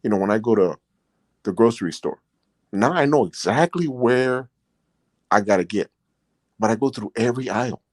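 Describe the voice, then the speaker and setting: A man's voice: lowish voice, lively intonation, normal speed, long pauses, no echo. A middle-aged man telling his own stories in a casual, rambling way, leaning on "you know" and getting earnest and emotional. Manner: rambling, leans heavily on "you know" fillers; earnest and emotional when recounting his experiences. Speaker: podcast host, former prisoner. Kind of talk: casual storytelling.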